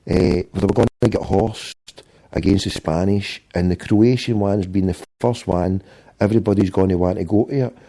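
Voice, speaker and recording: A man's voice: on the low side, mellow. A middle-aged Scottish man telling a long, rambling anecdote in casual podcast chat, swearing freely and acting out the quotes. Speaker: podcast host.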